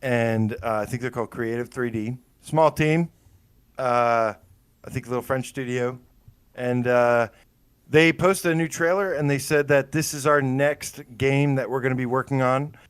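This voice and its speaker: A man's voice: medium pitch, moderate pace, clean tone, dry recording. A man co-hosting a casual gaming podcast, telling stories with lots of fillers and rambling enthusiasm. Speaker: podcast co-host.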